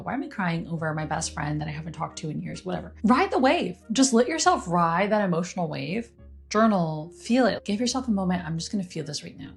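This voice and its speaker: Chatty lady reading the week's astrology, lowish voice, faint music behind. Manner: chatty, acts out inner voices. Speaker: astrology forecaster. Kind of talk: weekly astrology forecast talk.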